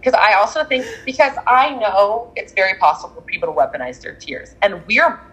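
A woman's voice: medium pitch, lively intonation, brisk, a bit bright, breathy edge, poor audio. A woman in casual chat, talking animatedly and acting out the people she quotes. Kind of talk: casual chat about astrology.

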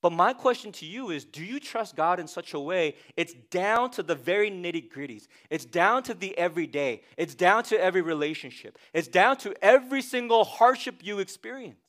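A male pastor with a noticeably high voice preaches a sermon. He talks conversationally but with emphasis, pressing his listeners with repeated questions. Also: expressive, brisk, few pauses, a bit bright.

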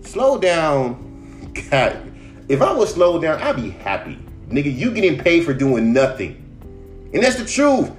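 Dude ranting on his podcast, cussing a lot, kinda high voice, soft guitar in back. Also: huge pitch swings, measured pace. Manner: profane, emphatic, riffing. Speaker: podcast host. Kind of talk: casual podcast rant.

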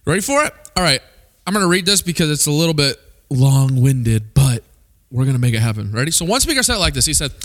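A young man from Missouri preaching a sermon, animated and peppering the crowd with rhetorical questions. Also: fairly high pitch, fast. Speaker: pastor.

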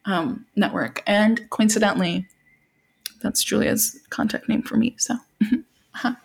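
A woman's voice: medium pitch, a little slow, creaky, husky. A young woman with a Valley Girl accent co-hosting a podcast, chatting casually, joking and swearing freely. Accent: American Valley Girl. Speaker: podcast co-host.

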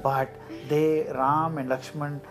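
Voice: medium pitch, level tone, takes it slowly. A storyteller telling an epic tale in a conversational way, often checking in with the listener. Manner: conversational, many fillers and "right?" checks. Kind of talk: oral storytelling with asides to the listener. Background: instrumental music.

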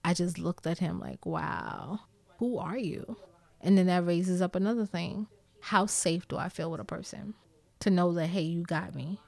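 A woman's voice: lowish voice, steady tone, moderate pace, creaky, mellow, no echo. A woman with a New York accent talking candidly to her viewers, blunt and emphatic, with plenty of swearing. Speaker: vlogger. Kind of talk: candid storytime talk to viewers.

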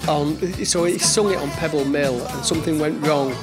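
A man's voice: on the high side, fairly even intonation, normal speed, loud music behind the voice. A man co-hosting a podcast in casual chat, rambling with lots of restarts and fillers. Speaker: podcast co-host.

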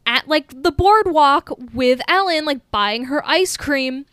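A woman's voice: sits high, lively intonation, takes it slowly, pushed and bright, dry recording, clean studio sound. A young woman co-hosting a podcast, chatting casually about a movie, swearing freely and acting out quotes. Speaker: podcast co-host.

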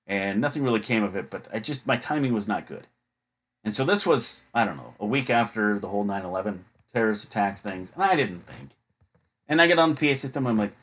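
A man's voice: on the low side, a bit bright. A man hosts a podcast and tells funny work stories in a casual, chatty way. He keeps it jokey and acts out what other people said. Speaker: podcast host. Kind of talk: casual storytelling.

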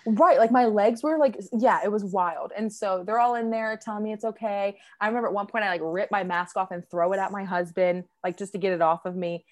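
A woman's voice: medium pitch, brisk, few pauses, a little mellow. A young woman telling a personal story in a loose, chatty way. She fills her talk with likes and ums and acts out what other people said. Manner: chatty, many fillers, acts out quoted voices. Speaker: guest sharing a birth story. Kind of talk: casual storytelling chat.

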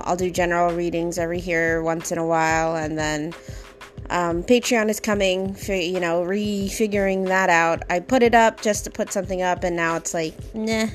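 A woman hosting her own podcast in a casual solo monologue. She rambles, swears freely, and talks herself through restarts. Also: fairly low pitch. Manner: rambling, swears freely, lots of fillers and self-talk. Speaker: podcast host.

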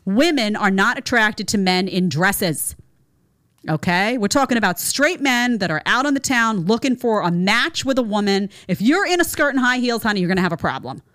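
A woman's voice: mid-range voice, expressive, normal speed, a bit bright, no echo, clean studio sound. A woman hosting a reaction commentary show, talking emphatically and sarcastically, often calling people "honey" and asking her audience to agree. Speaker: show host.

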